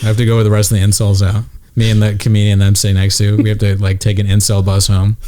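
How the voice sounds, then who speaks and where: A man's voice: fairly low pitch, completely flat delivery, fast, mellow. A man hosting a podcast in crude, casual chat, telling stories and acting out the people in them. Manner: crude, storytelling, acts out voices. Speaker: podcast host.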